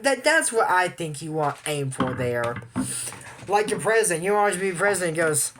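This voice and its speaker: A young man from Amarillo, Texas, gives casual commentary while reviewing a cartoon episode, rambling and tossing in apologetic asides. His voice is high, animated, and a bit bright, a little slow with long pauses, and there's slight hiss or hum.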